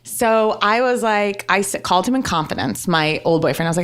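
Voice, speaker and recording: A woman's voice: mid-range voice, expressive, fairly quick, few pauses, clear, resonant tone. A woman co-hosting a podcast, telling a candid, self-mocking story in casual chat, with lots of "like" in her speech. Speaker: podcast co-host.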